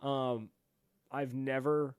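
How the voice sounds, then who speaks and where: A man from Canada hosting a podcast, telling a lively story in casual chat, acting out what people said and laughing often. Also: mid-range voice, drawn-out words, clean tone, no room sound, clean studio sound. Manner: animated storyteller, acts out quotes, laughs often. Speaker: podcast host.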